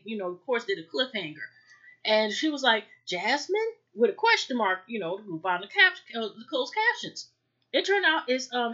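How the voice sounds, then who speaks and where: A woman's voice: a little high, a bit bright, dull audio. A woman hosting a casual TV recap, rambling and chatty, often calling out to viewers. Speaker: reality TV review host.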